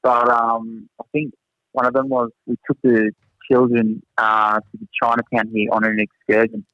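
A man's voice: mid-range voice, flat delivery, moderate pace, dry recording. A young man, a teacher, chatting and telling funny anecdotes in a rambling way and laughing at himself. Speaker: teacher, guest. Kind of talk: casual chat, anecdotes. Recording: slightly dull lo-fi sound.

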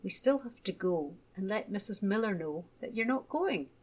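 A woman voicing a gentle, patient mother in a children's storybook, coaxing and reassuring. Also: medium pitch, animated, moderate pace, slightly rough.

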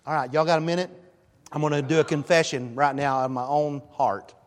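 High-voiced preacher in a reverberant hall. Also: male voice, a little fast. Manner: animated storytelling, emphatic rises. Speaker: pastor. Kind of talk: sermon. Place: church sanctuary.

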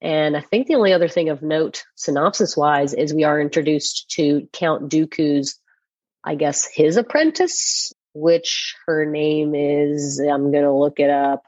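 A woman's voice: low-pitched, measured pace, darkish tone, no echo, lo-fi sound. A woman co-hosting a casual movie podcast, rambling through a recap with lots of fillers. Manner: rambling, filler-heavy retelling. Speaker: podcast co-host. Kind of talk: casual chat.

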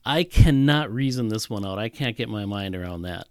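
A man's voice: on the low side, animated, normal speed, smooth, no echo, clean studio sound. A man preaching a sermon, teaching from a Bible passage with emphatic, repeated phrases. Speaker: pastor.

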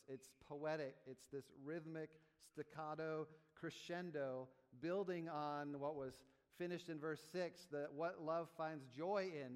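A man's voice: medium pitch, clean tone. Man preaching in an echoing church. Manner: emphatic rhythmic preaching with teaching asides. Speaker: pastor. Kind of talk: sermon. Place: church sanctuary. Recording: long reverb of a church hall.

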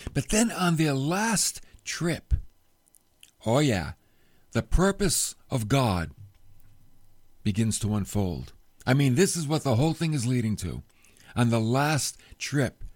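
A male preacher tells a story in an unhurried, deliberate sermon. His pitch rises and falls a great deal as he dramatizes each moment. The sound is close and dry, with no room around it. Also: dry recording. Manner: storytelling, expressive, drops to soft emotional tones. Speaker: pastor.

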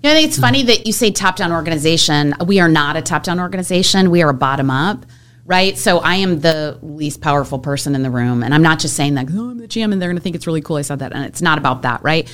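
A woman who is a hotel general manager, telling workplace stories in an animated way as an interview guest. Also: sits low, quick pace. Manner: animated, acts out coworkers' voices in anecdotes. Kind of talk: storytelling in a podcast interview.

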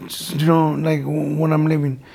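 Gravelly man telling stories casually. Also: a little high, monotone, moderate pace, mellow. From United States. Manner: rambling, repeats words, drops in Spanish slang. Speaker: guest, former boxer. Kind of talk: casual interview storytelling.

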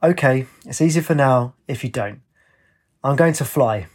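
A man lifts his voice to play an impulsive young woman in a storybook, husky and breathy-edged. She speaks with a lilt, earnest and quick to act. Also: close to an everyday voice. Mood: lively. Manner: raised pitch, lively delivery.

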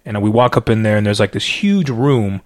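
A man telling his personal faith testimony as a podcast guest, in an animated, storytelling way with many fillers, and by his own account a loud talker. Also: lowish voice, moderate pace, no room sound. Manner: self-described loud talker.

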